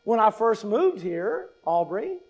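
A man's voice: sits high, sing-song, slow, darkish tone, breathy edge, muffled recording. A pastor in his fifties gives a conversational teaching talk, often asking "right?" and adding wry humor. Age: 50s. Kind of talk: teaching talk on public speaking.

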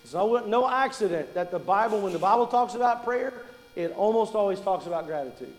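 A man delivers a sermon in a high voice, talking to his congregation in a conversational way and asking them questions. He slows down to stress his main points. The recording rings with the long reverb of a large church hall. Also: animated. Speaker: preacher.

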